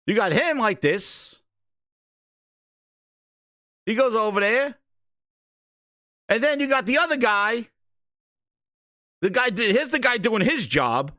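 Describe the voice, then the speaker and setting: A man hosting a casual commentary show, reacting to videos with profane, laughing, animated rants. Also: very high-pitched, no room sound, studio quality. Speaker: host.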